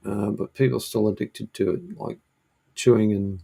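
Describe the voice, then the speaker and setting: A man's voice: on the low side, fairly even intonation, moderate pace, vocal fry, mellow, husky. A man hosting a casual live-stream chat from his shed, hesitant and full of ums and restarts. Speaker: host. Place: home shed.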